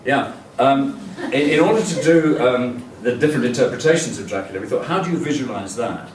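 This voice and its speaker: A man's voice: mid-range voice, expressive, fairly quick, a little hiss or hum. An older man giving a chatty, rambling public lecture full of fillers and restarts. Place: lecture hall. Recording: echoey hall, distant mic.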